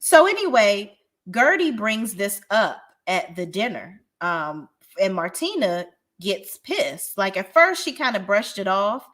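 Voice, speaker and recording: A woman's voice: mid-range voice, very animated, measured pace, fairly bright tone. A woman giving a casual, blunt and profane recap of a reality show, often restarting her sentences as she talks. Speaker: reality TV reviewer.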